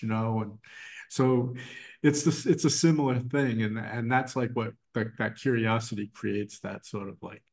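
A man's voice: medium pitch, steady tone, unhurried, darkish tone. A middle-aged man speaking as a guest in a casual interview, rambling with many restarts and fillers. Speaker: guest, designer and art professor. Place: his art gallery.

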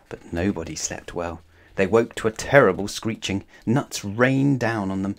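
Guy reading a kids bedtime story, calm and steady, lowish voice. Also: moderate pace. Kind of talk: children's bedtime story read-aloud.

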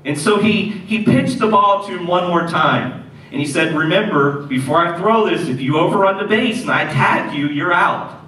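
A man preaching a sermon as pastor, telling stories in an animated way and repeating key lines for emphasis. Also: high-pitched, normal speed. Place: church sanctuary. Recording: echoey church hall, mic at a distance.

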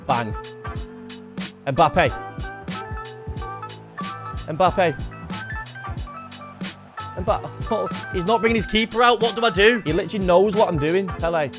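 A young man giving lively live commentary on his own gameplay, talking to himself and bursting into shouts. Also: high voice, takes it slowly, long pauses, over music. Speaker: gaming YouTuber.

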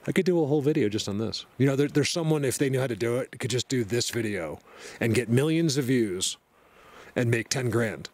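Excited rambling man vlogging outdoors. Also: medium pitch, fairly quick. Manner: excited, rambling, talks to viewers. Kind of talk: casual outdoor vlog. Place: outdoors on a mountain road. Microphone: helmet-mounted camera.

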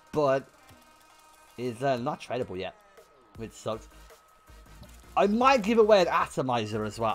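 A young man livestreaming, telling a story to his chat in an animated way with lots of swearing and bursts of laughter. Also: mid-range voice. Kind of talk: casual storytelling to stream chat.

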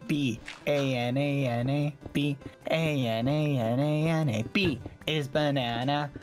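A man with a middle-pitched voice joking goofily on a gaming stream. Loud music sits clearly behind him. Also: fairly even intonation, slow pace. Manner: goofy, spelling things out. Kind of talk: casual gaming stream chat.

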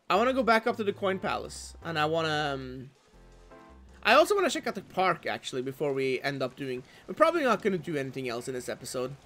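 Man narrating gameplay, offhand, self-deprecating, high voice, faint game music. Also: sing-song, quick pace, fairly bright tone. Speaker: let's play host. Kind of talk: casual game commentary.

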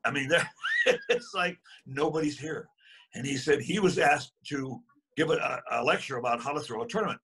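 A man in his eighties, husky-voiced, telling a long story in casual conversation with chuckles and restarts. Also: a little high, a little fast, a bit bright. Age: 80s. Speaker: guest.

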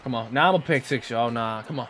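A man's voice: mid-range voice, quick pace, a bit bright. A man streaming a football video game, talking loosely to his chat and friends while he plays. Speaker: gaming streamer. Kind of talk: live stream gameplay commentary.

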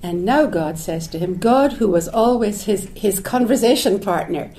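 Thoughtful woman giving a warm lecture. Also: mid-range voice, expressive, moderate pace, slight background noise. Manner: thoughtful, searching, with restarts and asides; quoting Hebrew phrases. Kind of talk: reflective public lecture. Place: lecture hall.

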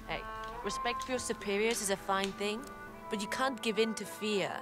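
A woman's voice: mid-range voice, fairly even intonation, normal speed, music in the background, close to an everyday voice. An actress playing a persuasive woman in a video game, coaxing someone to defy their bosses.

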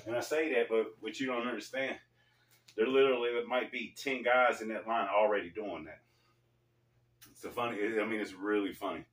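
A man's voice: lowish voice, steady tone, normal speed, a bit bright, a little hiss or hum. Laid-back slangy man, echoey room. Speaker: storyteller host. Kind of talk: casual storytelling vlog. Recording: echoey room, mic far off.

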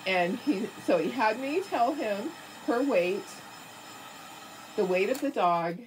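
An older woman telling a rambling story in a chatty, animated way while she paints a craft, laughing often. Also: a little high, slow, noisy background. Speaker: craft vlogger.

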